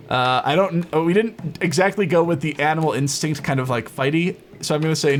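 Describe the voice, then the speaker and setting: A man's voice: fairly high pitch, fairly quick, few pauses, soft background music. A man doing casual let's-play commentary, amused, reading game text aloud as he plays. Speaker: gameplay streamer.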